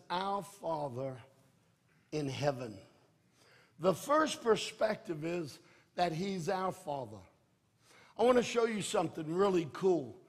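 An older man preaching a sermon as pastor, emphatic, swinging between loud proclaiming and soft, low-voiced stretches.

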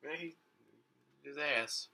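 Speaking slowly, a man gives casual gameplay commentary, swinging between low muttering and high excited yelps and swearing often.

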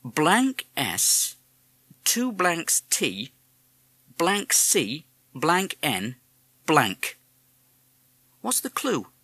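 A man's voice: a little high, wildly swooping pitch, extremely slow, long pauses, bright, forceful tone, husky, no room sound, pitched above the performer's own voice, heavily acted. A man voicing a middle-aged father, dry and set in his ways, with a raised, exclaiming delivery. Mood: puzzled.

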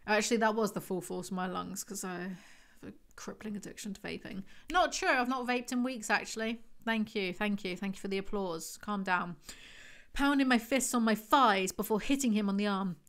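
This woman has a medium-pitched, fairly bright voice and speaks at a normal speed. On her book review vlog she reads excerpts aloud, cutting in between passages with sarcastic, wry asides.

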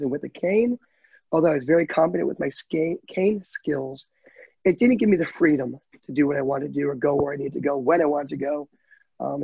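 A man's voice: fairly high pitch, vocal fry, darkish tone, breathy edge, no room sound, dull audio. A man telling his story in an interview, heartfelt and candid, choking up at times. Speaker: guide dog client telling his story.

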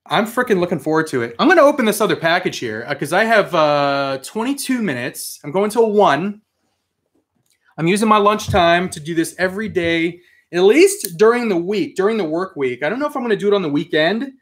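A man hosting a casual live stream, reading out viewer comments with excitable, mildly profane chatter. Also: high-pitched, fairly quick. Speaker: host of a live toy and comics stream.

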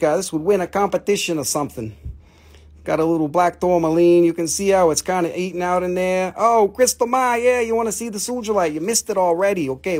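A man with an Appalachian accent hosting a live mineral sale, with rambling, joking, folksy patter. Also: high-pitched. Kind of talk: casual live-stream sales patter.

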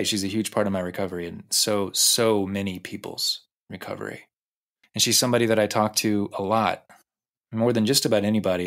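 Low-voiced man telling a confessional story. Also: a bit bright. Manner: intimate, confessional storytelling, slows down on key phrases. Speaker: podcast host. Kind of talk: personal narration over music.

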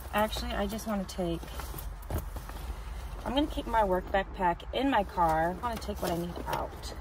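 A vlogger in her twenties chats upbeat and casually, full of fillers, sounding out of breath, first in her car and then at home beside a bookshelf. Her voice is mid-range, with a noisy background.

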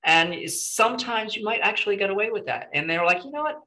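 A man's voice: high-pitched, fairly quick, pushed and bright, low-quality recording. A man teaching a casual screenwriting workshop to a small group, chatty and encouraging with lots of "you know"s.

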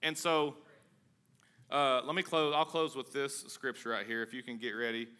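A man preaches to his congregation in a loose, chatty way, joking and pushing with energy. His voice is very bright and forward, sitting at an ordinary pitch for a man. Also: moderate pace, clear, resonant tone. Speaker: pastor. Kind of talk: conversational sermon.

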